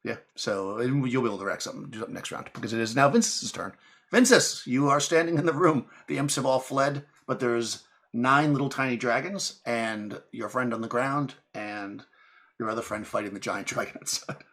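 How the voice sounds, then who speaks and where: A young man runs a tabletop game as its game master, describing the scene in a loose, rambling way. He keeps restarting his sentences and breaks into quick laughs. His voice sits at a middle pitch for a man. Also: lively intonation, fairly bright tone.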